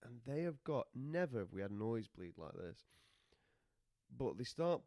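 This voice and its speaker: A man's voice: medium pitch, very animated, moderate pace, warm tone, no room sound, clean studio sound. A man co-hosting a podcast in casual chat, teasing his co-host with a wry manner.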